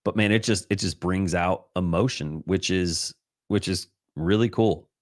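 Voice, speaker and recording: A middle-aged man with a very low voice speaks earnestly and with open emotion in a casual faith livestream. He rambles, restarts his sentences and fills pauses as he shares personal thoughts. The sound is dry and close, with almost no room echo. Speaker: livestream host. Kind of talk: casual devotional livestream talk. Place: home livestream. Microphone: computer livestream mic.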